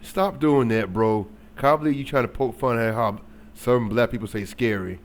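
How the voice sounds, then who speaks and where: A man's voice: mid-range voice, moderate pace, a little hiss or hum. A man hosting a reaction video, giving blunt, joking, slang-heavy banter. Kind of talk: casual reaction commentary.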